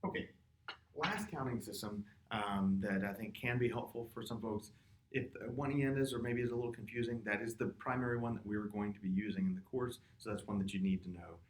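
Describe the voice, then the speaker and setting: A man's voice: fairly low pitch, brisk, slight background noise. A man teaching a music lesson, patiently explaining rhythm and counting beats and chanted words aloud. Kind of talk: classroom lesson. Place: classroom or studio with a board. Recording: echoey room.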